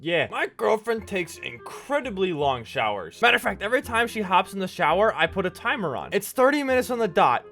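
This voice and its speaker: Young man in his twenties, game commentary, gravelly high voice, faint music behind. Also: a little fast, few pauses. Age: 20s. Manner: animated joking, laughs often. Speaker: let's play host. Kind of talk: gameplay commentary with comic storytelling. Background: faint background music.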